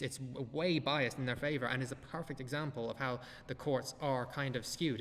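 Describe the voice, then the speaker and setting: A man's voice: medium pitch, fairly bright tone, big-room sound. A man hosting a podcast, giving blunt, profane, sardonic commentary. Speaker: podcast host. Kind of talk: casual commentary.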